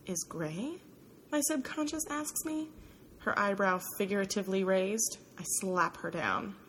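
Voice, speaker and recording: A woman narrating a first-person audiobook in a soft, introspective manner. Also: medium pitch, a little slow, slight background noise, rough recording.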